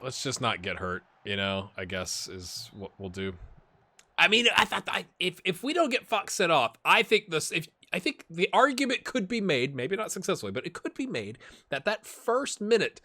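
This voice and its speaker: A man hosting a gaming channel, casually commenting while he plays, chatty and rambling, with laughs and sudden excited outbursts. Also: fairly high pitch, moderate pace, no echo. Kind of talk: casual commentary while playing a football management game.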